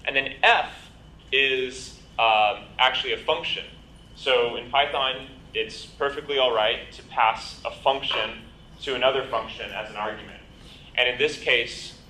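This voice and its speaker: A man's voice: mid-range voice, sharp tone. A man teaching a programming class live, working through examples and filling his talk with ums and you-knows. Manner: explains with many ums and you-knows, asks "right?". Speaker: bootcamp instructor. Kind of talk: live lecture with coding demo. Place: lecture hall. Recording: echoey lecture room with faint noise.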